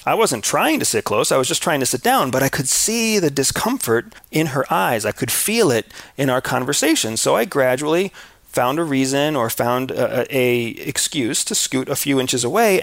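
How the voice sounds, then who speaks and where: An American man giving a scripted talk on culture, measured, often putting rhetorical questions to the listener. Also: mid-range voice, big pitch swings, gravelly, no echo. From United States.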